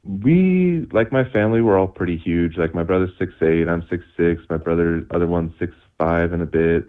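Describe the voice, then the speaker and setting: A man's voice: low voice, little pitch movement, a little fast. A young man calling in on a phone line, chatting casually in a rambling way, laughing often and saying "like" and "dude" a lot. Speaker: caller.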